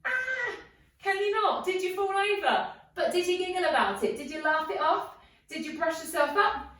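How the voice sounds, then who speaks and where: High-voiced woman leading yoga, echoey room. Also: animated, normal speed, a bit bright, recorded from a distance. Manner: encouraging, playful, coaxing questions. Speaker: yoga instructor. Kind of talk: guided yoga class instruction.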